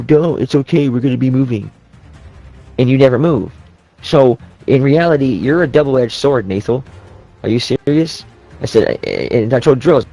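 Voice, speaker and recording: A man's voice: mid-range voice, mellow. A young man ranting as he retells an argument with friends, swearing often and acting out what each person said. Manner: profane, rambling, heated retelling of quoted dialogue. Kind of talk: ranting storytelling.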